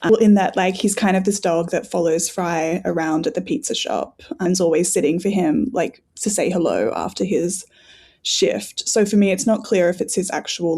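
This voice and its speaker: A woman with a mellow, warm voice tells stories as a podcast guest, animated and quick to laugh between her words. She leans on "like" as she builds each thought. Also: lowish voice, gravelly, breathy edge. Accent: non-American English. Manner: animated storyteller, laughs often, filler "like". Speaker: guest scholar. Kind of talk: casual conversational interview.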